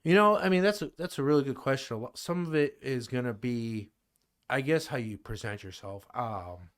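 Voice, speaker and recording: A man in his thirties from the Midwest with a Midwestern accent, chatting casually as a podcast guest and rambling with lots of fillers and restarts. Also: medium pitch. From American Midwest. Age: 30s. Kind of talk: casual conversation.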